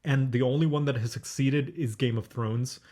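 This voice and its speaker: A man's voice: medium pitch, fairly even intonation, normal speed, warm tone. A man co-hosting a podcast, chatting casually about a movie he just saw, opinionated and loose, with lots of "like" and "um". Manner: chatty and opinionated, many fillers like "like" and "um". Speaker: podcast co-host. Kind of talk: casual chat, movie review.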